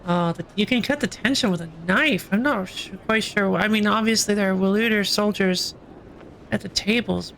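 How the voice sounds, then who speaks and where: An excitable, gravelly, bright game streamer. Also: medium pitch, moderate pace, a little hiss or hum. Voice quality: excitable, chatty. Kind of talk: casual game commentary.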